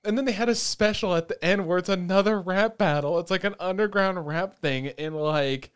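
Casual co-host, male, slightly high voice, animated, acts out scenes, curses freely. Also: normal speed, clean tone, no echo, studio quality. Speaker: anime discussion co-host. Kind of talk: casual chat.

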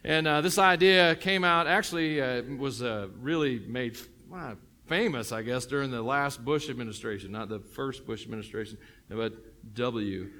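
A man's voice: mid-range voice, normal speed, bright, forceful tone. A middle-aged man with a Tennessee accent, a pastor preaching a sermon in a joking, conversational way with many fillers and restarts.

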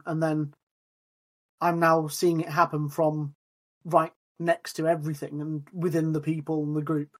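A man's voice: on the high side, little pitch movement, a little slow, a bit bright. Man musing aloud on a podcast. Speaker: podcast co-host. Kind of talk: casual chat.

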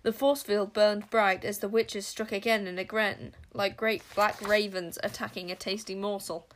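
A woman narrating a storybook with an expressive, dramatic delivery. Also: mid-range voice, moderate pace. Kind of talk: storybook reading.

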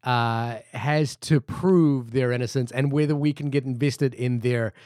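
A man's voice: mid-range voice, fairly even intonation, unhurried, a little mellow, clear, resonant tone, no room sound, clean studio sound. A man from New Zealand co-hosting a casual podcast chat, often restarting sentences while he hunts for words. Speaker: podcast co-host. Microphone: studio microphone.

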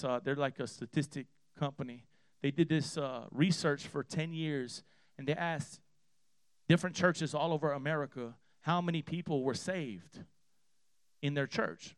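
A man's voice: fairly high pitch, no echo. Emphatic preaching man, dry sound. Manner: emphatic preaching, swinging from hushed to loud, repeating phrases with "right?". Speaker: pastor. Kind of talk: sermon with a personal story.

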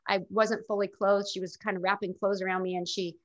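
A woman's voice: medium pitch, flat delivery, fairly quick. A middle-aged woman telling her own story in an interview, in a candid and reflective way. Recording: dull lo-fi recording.

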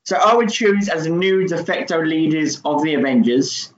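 A man's voice: a little high, expressive, normal speed. A man co-hosting a podcast, chatting casually and swearing, joking and laughing often. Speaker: podcast co-host. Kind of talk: casual chat. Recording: echoey room, dull lo-fi audio.

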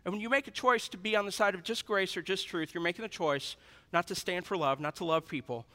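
A man preaching a sermon to a congregation, dynamic and humorous, swinging between loud emphasis and hushed asides. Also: high voice, fast talker. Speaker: pastor. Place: large church hall. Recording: reverberant hall.

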